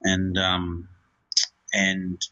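A man's voice: low voice, monotone, extremely slow, sharp tone, dull audio. A man, a film director, talking in an interview in a rambling way, with many fillers and restarts.

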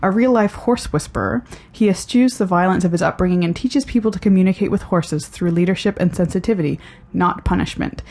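A woman's voice: fairly low pitch, brisk, few pauses, a little mellow. A woman with a Canadian accent co-hosting a film podcast, reading out reviews with a dry, wry delivery. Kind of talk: casual chat and read review.

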